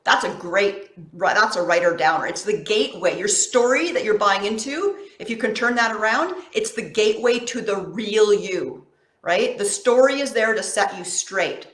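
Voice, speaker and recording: Woman coach, casual motivational chat, encouraging and loving, mid pitch, kinda echoey room. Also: expressive, normal speed, fairly bright tone. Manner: encouraging, affectionate, conversational. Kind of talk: casual motivational talk to camera.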